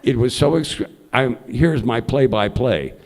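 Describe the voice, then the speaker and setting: An older man, a journalist and honored guest, telling lively, profane anecdotes on stage at an event. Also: medium pitch, unhurried. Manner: lively raconteur, salty language. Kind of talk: live anecdotal storytelling on stage. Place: event hall before an audience.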